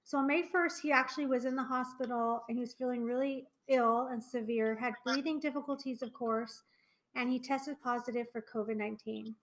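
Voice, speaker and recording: A woman's voice: on the high side, fairly even intonation, brisk, rough recording. A young woman co-hosting a podcast in a casual chat, rambling with lots of fillers and restarts. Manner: chatty, many fillers and trailing restarts. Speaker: podcast co-host.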